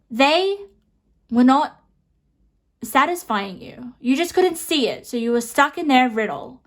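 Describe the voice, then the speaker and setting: Young female tarot reader, gushing and emotional, talks in loose rambling asides, slightly high voice. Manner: excitable, emotional, rambling with frequent "okay?" and "honestly". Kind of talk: pick-a-card tarot reading.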